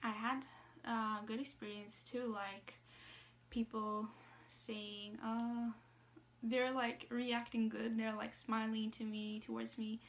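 Swedish woman vlogger, slightly high voice, halting casual phone-recorded storytelling. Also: flat delivery. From Sweden. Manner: halting, with many ums and likes.

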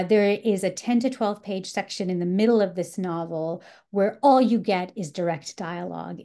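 A woman teaching a workshop on writing dialogue, with a mellow, warm tone. She talks through examples thoughtfully and pauses on fillers as she builds each point. Her pitch sits in a middle range for a woman. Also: creaky. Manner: thoughtful, explanatory, with frequent fillers. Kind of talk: literature workshop lecture.

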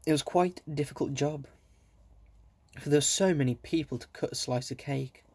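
A man reading a children's book aloud, gently, with small asides to his listeners. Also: medium pitch, fairly even intonation, moderate pace, long pauses. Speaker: reader.

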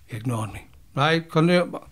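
A man's voice: fairly high pitch, lively intonation, moderate pace. A man, telling a story as an interview guest in blunt, casual talk, swearing freely and acting out the punches. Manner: blunt, swears freely, acts out fight scenes.

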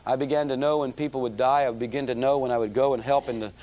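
A middle-aged man preaching, telling his conversion story in a lively storytelling manner and calling the audience folks. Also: medium pitch, quick pace. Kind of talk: testimony sermon.

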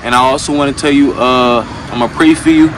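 Street vlogger, man, heartfelt and repetitive, outdoors with loud traffic. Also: medium pitch, steady tone, brisk. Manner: earnest, repeats himself, emotional and caring. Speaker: street vlogger interviewing people. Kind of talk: casual street interview.

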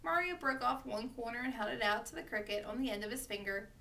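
A woman reading a children's storybook aloud with steady, expressive narration. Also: a little high, fast, gravelly, recorded from a distance. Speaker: reader.

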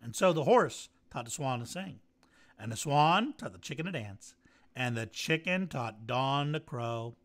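A man telling a children's animal story in a playful, animated manner, then thanking a festival audience. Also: medium pitch, measured pace.

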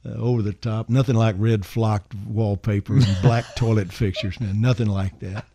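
Older guy telling a rambling story on the radio, lowish mellow voice, lots of uh and man. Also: fairly even intonation, normal speed. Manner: easygoing, rambling, full of "uh" and "man". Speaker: songwriter and guest. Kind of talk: storytelling anecdote on a radio show. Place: radio studio.

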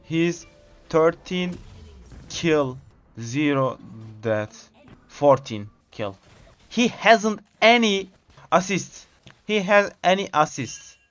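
A man, excitedly commenting on his own gameplay, repeating short exclamations in English. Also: a little high, drawn-out words, long pauses, muffled recording, soft background music. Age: 20s. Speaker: gamer streamer.

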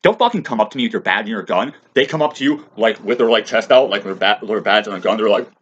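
A man's voice: on the low side, quick pace, slightly rough. Rambling, stammering man on dull audio. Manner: rambling, stammering, profane, with frequent restarts; loud, heated outbursts. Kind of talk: rambling monologue rant. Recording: dull lo-fi recording.

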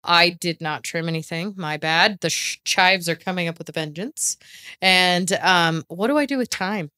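A woman's voice: fairly low pitch, moderate pace, sharp tone, no room sound. A woman hosting a gardening podcast in a studio, chatty and self-deprecating, asking the experts questions. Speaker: podcast host. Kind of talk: casual podcast chat.

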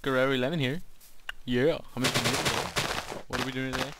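A man's voice: medium pitch, fairly even intonation, fairly quick. A young man giving hyper, goofy commentary over his gameplay. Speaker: gamer. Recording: loud background noise.

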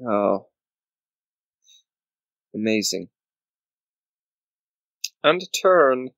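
Very slow yet very animated, a man with a fairly low, gravelly, slightly bright voice comments on his own board game video game moves. He counts squares aloud, talks to himself, and grumbles at his opponent in mock anger, on dull audio with no echo.

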